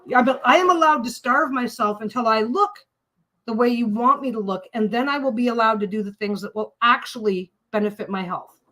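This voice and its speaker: A woman's voice: a little high, fairly quick, a bit bright, low-quality recording. A woman hosting a casual livestream while she sews, talking bluntly and swearing freely as she rants. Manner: blunt, profane, ranting. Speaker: livestream host. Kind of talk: casual chat while sewing.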